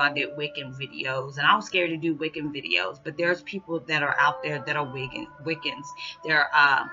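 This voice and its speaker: A woman vlogging casually to her viewers, rambling with many fillers and calling them y'all. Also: low voice. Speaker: spiritual vlogger. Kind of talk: casual direct-to-camera talk. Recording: muffled audio with background music.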